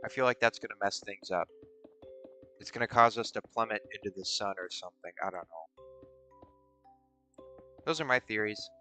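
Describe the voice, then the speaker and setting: A man's voice: fairly low pitch, normal speed, long pauses, pushed and bright, faint music behind. A man hosting a stream in casual, rambling chat, musing aloud in a playful way. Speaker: streamer host.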